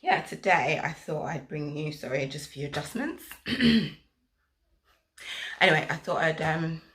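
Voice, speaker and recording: Young woman, South London accent, low voice, rambling casual vlog chat, lots of ums. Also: measured pace, a bit bright. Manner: chatty, rambling, self-mocking, lots of fillers. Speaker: vlogger.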